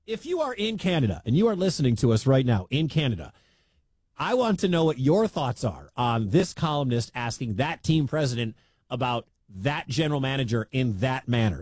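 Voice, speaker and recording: A man's voice: mid-range voice, normal speed, breathy edge, no room sound. A male sports radio host talks through the news in a loose, rambling way, his voice rising and falling a lot. The sound is dry and close. He's from the American Midwest and chuckles along as he goes. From Midwestern United States. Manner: animated, rambling, laughs at the story. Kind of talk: casual talk radio commentary.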